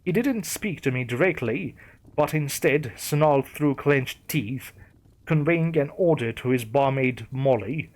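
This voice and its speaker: A man reading a first-person horror story aloud with a steady storytelling delivery. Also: mid-range voice, unhurried. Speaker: narrator. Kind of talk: scripted horror story narration.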